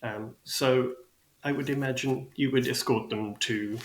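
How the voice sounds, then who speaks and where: Relaxed man narrating a tabletop game. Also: medium pitch, a little slow, reverberant, poor audio. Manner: descriptive, relaxed, with fillers. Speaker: game master.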